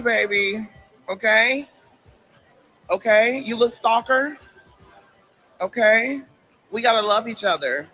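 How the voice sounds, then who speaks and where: Man ranting with a high, bright voice. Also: a little hiss or hum, poor audio. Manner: warning, repeats "okay?" after every point. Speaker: livestreamer. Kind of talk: confrontational livestream rant.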